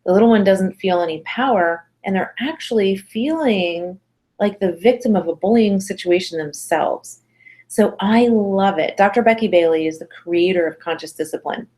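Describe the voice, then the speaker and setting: A woman's voice: medium pitch, moderate pace. A middle-aged woman parenting instructor talking casually to mothers, chatty and encouraging, acting out little quotes as she goes. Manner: chatty, encouraging, acts out quotes with lively voices. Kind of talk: casual webinar talk to mothers.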